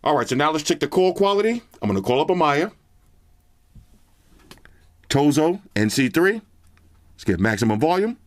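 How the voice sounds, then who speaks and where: A man's voice: fairly high pitch, very animated, normal speed, pauses often, no echo, clean studio sound. A man casually reviewing earbuds on his channel, chatting straight to viewers in slang. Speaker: product reviewer. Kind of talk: casual tech review vlog.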